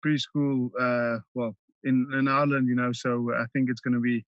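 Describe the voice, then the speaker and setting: Halting South African man on a dull line. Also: mid-range voice, flat delivery, no room sound. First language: Afrikaans. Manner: halting, many ums and restarts. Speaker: rugby player guest. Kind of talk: casual interview chat.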